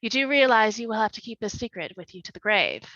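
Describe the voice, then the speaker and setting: A woman's voice: fairly high pitch, animated, fast talker, fairly bright tone, no echo. A woman voicing a ruthless woman who speaks in a cool, clipped, dismissive way. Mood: cold. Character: cold, ruthless woman taking power. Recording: dull lo-fi sound.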